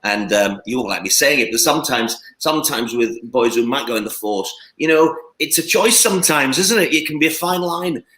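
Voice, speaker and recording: A man, an actor guest, chatting casually in an interview, animated and stopping often to restart his sentences. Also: medium pitch, a little fast, hardly any pauses. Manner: animated, acts out quotes, many restarts.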